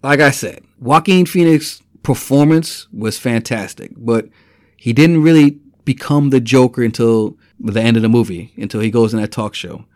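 A man's voice: medium pitch, normal speed, no room sound, clean studio sound. A man giving a casual, profanity-laced movie review, rambling and filling his talk with "man" and "you know.". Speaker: film reviewer.

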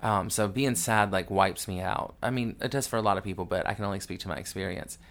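A grieving man hosting his podcast, telling a raw, emotional family story with a lot of swearing, moving between hushed sorrow and loud, excited retelling. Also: sits low, quick pace. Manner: candid and profane, swings from hushed grief to loud excited retelling. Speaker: podcast host.

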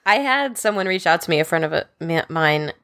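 A woman's voice: fairly low pitch, animated, a little fast, a bit bright. A young adult woman co-hosting a casual film podcast, telling playful stories and laughing often. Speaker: podcast co-host.

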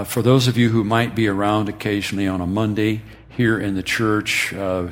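Pastor, male, lower voice, enthusiastic and encouraging in sermon and prayer. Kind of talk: sermon and church announcements.

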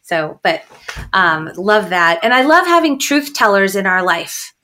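A woman hosting a podcast interview, effusive and full of praise as she asks quick questions. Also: medium pitch, big pitch swings, sharp tone, slight background noise. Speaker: podcast host. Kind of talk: casual interview chat.

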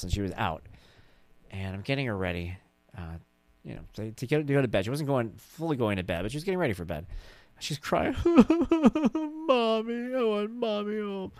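Middle-aged man, casual storytelling, lively swooping pitch, dry close sound, jokey. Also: dry recording. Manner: animated, acts out his daughter in high squeals. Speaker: dad telling stories.

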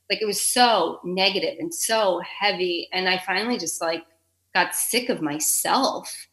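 A woman's voice: lowish voice, measured pace, a bit bright. A woman in her thirties, a podcast guest, talking frankly and emotionally in an interview, swearing freely and saying "like" a lot. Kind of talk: candid interview conversation.

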